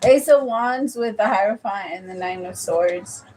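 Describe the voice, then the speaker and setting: A woman's voice: mid-range voice, measured pace, a little mellow, slight background noise, low-quality recording. A woman giving a casual, rambling tarot reading, chatting freely and calling the listener "my love". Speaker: tarot reader.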